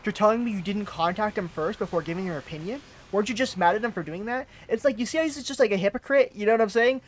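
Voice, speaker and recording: High-voiced exasperated male commentator. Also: quick pace. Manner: exasperated, mocking, says "bro" a lot. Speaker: commentary host. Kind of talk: reaction commentary.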